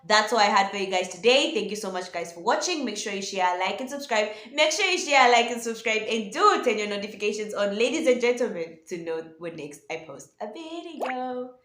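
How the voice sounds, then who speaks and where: A woman hosting a casual football reaction vlog, talking excitably and addressing her viewers as ladies and gentlemen. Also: medium pitch, a little fast, few pauses, slight background noise. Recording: echoey room.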